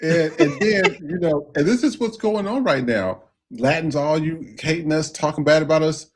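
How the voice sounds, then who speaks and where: A man's voice: fairly high pitch, lively intonation, moderate pace. Man casually leading podcast segments. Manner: loose, filler-heavy segment lead-ins. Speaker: podcast host.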